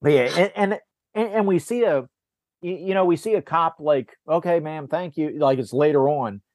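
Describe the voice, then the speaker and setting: A podcast host recaps a film in a rambling, casual movie discussion, acting out character lines and often restarting his sentences. His voice is on the high side with a darkish tone and a moderate pace, in a dry, clean studio recording.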